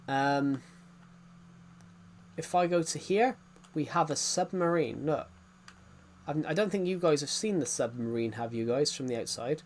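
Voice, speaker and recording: British male streamer, slightly high voice. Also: moderate pace, pauses often, darkish tone, slight background noise. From Britain. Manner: rambling, with many fillers and restarts. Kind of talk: casual live-stream game tour.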